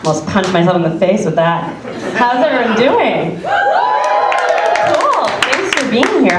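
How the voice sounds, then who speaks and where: A woman's voice: mid-range voice, very animated, unhurried, heavy background noise. A young adult woman telling a chatty stand-up story, laughing through her lines. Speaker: stand-up comedian. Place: comedy club stage with audience. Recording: echoey club from far off, crowd.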